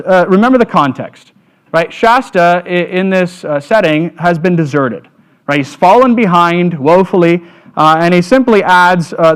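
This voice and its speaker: A man speaks at a church Lenten supper, reflecting on a passage in a halting, conversational way. His voice sits a touch high, and he keeps checking in with "right?" between thoughts. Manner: halting, many "uh"s and "right?" tags. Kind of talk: lenten devotional talk.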